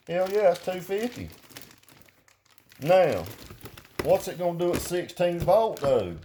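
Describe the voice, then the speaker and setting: A man talking loosely and loudly while unboxing and reviewing a car amplifier, full of cussing and jokes. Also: on the high side, slight background noise. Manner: rambling, profane, loud and jokey. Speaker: vlogger reviewing car audio gear. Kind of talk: casual unboxing chat.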